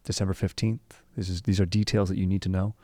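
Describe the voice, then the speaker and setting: A young man co-hosting a podcast, chatting in an animated, joking, rambling way. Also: low-pitched, quick pace, dry recording. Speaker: podcast co-host. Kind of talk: casual chat.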